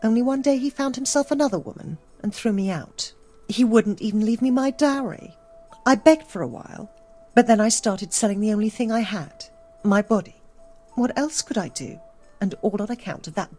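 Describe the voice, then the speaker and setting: A weary medieval woman, down on her luck, recounting her story in a measured, resentful tone for a role-playing game. Her voice sits a little high, with faint game music underneath. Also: lively intonation, darkish tone. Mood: bitter.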